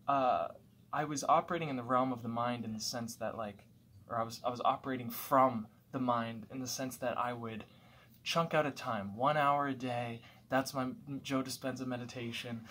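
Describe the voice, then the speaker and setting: A man's voice: medium pitch, a bit bright, a little hiss or hum. Man musing at home, thoughtful and rambling. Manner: thoughtful, rambling, with restarts and filler words. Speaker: vlogger. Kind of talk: casual reflective monologue.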